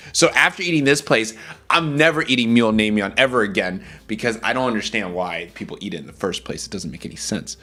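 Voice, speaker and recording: A man's voice: medium pitch, bright, forceful tone. A man streaming casually, talking enthusiastically about food and greeting his chat. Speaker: VTuber streamer.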